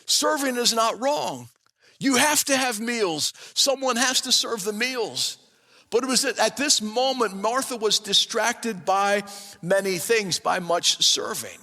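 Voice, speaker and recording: A man's voice: extremely high pitch, pushed and bright. A man preaching a sermon to his congregation, retelling a story vividly and speaking to them directly. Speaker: pastor. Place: church sanctuary. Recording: long church-hall reverb.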